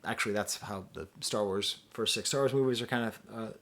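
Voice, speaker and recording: A man giving a casual, rambling album review, breaking off into asides to the viewer, his pitch and loudness jumping up and dropping low. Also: fairly quick. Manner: animated, pitch and loudness swing widely. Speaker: music reviewer, channel host.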